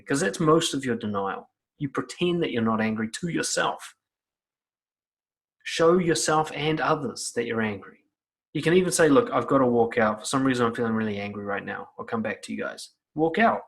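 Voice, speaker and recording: A man giving blunt, profane self-help advice straight to the listener. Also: on the high side. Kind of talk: direct-to-camera advice talk.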